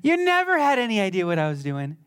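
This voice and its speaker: A male pastor voicing Jesus as a patient, gently amused teacher, speaking quickly and reassuringly. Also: sits high, wildly swooping pitch, clean tone, pitched above the performer's own voice, exaggerated voice.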